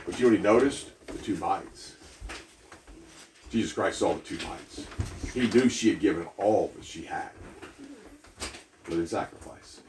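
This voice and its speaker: A man's voice: low-pitched, normal speed, long pauses, a little mellow. A man preaching a sermon in a church, talking conversationally and putting questions to the congregation. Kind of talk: sermon with a storytelling aside. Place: church hall. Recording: echoey hall, mic at a distance, faint noise.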